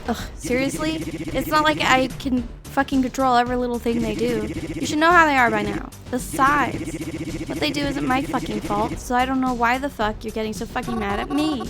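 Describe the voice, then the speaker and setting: A woman voicing an angry, foul-mouthed young man who shouts and scoffs. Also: sits high, brisk, over music. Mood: scornful. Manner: shouting, swearing, dismissive.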